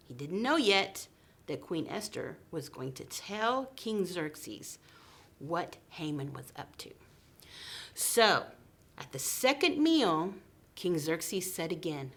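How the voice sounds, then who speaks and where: A woman preschool teacher telling a story to young children, slow and expressive, often dropping into soft whispers. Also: lowish voice, breathy edge.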